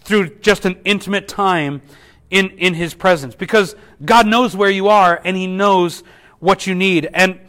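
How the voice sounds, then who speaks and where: A man's voice: sits high, fairly even intonation, measured pace. A man preaching a sermon as a pastor, earnest, often repeating words as he restarts. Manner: earnest, repeats words at restarts, drops softly for quoted whispers.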